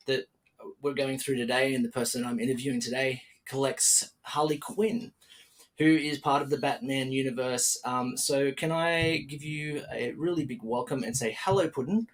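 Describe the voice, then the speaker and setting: A man with an Australian accent hosting a casual podcast interview, chatty and upbeat, with plenty of fillers and restarts. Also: medium pitch. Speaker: podcast host.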